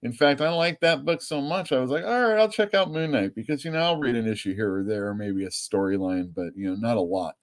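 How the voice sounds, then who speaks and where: Rambling and chatty on his live stream, the man who owns a comic store swears casually and tosses out quick laughs as host. His pitch is fairly low and his intonation stays fairly even.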